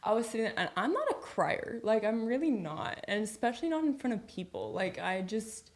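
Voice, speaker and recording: A young adult woman talking as a podcast guest, telling her personal faith story in a casual, chatty way, full of "like" and quick laughs. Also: on the high side, very animated. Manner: chatty, filler-heavy with frequent "like"; laughs easily mid-story.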